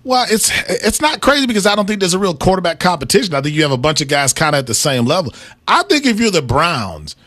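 A man's voice: sits high, big pitch swings, fairly bright tone, no room sound. A man co-hosting a sports talk show, chatting casually and laughing at himself as he breaks down football games. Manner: conversational, self-deprecating, quick to laugh. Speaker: sports analyst co-host.

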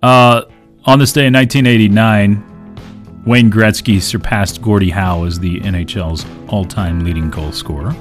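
A man's voice: on the low side, steady tone, normal speed, faint music behind. A man hosting a casual sports talk show, cracking dry jokes and reading trivia. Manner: joking, dry, reads out dates and trivia. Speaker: host.

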